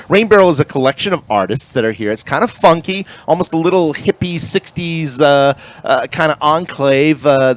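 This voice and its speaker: A man's voice: mid-range voice, no echo. A man from the Florida Keys hosting a live radio talk show in a chatty, jokey, upbeat way. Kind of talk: casual live broadcast chat.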